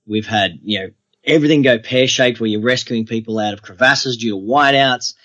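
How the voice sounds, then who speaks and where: A man's voice: mid-range voice, brisk, pushed and bright. Man telling adventure stories. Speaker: guest, extreme adventurer. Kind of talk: podcast interview storytelling.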